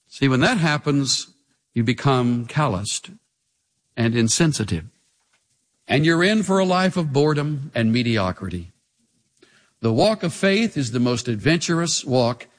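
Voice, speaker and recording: A man preaching a sermon as pastor, animated and asking the congregation rhetorical questions. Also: mid-range voice, in a large hall.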